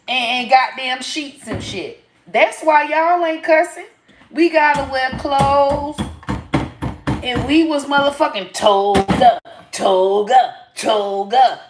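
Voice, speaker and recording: A woman comedian hosting a live stream, ranting with constant profanity in a loud, rambling way. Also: sits high, noisy background. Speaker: comedian host. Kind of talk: live-stream comic rant. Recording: echoey room.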